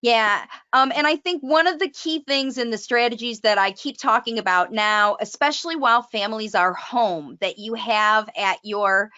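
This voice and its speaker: A woman's voice: on the high side, moderate pace, hardly any pauses, sharp tone, no room sound. A woman hosting an interview as a speech coach, chatty and ending her points with leading tag questions over a video call. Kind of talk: conversational interview. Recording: slightly muffled lo-fi audio.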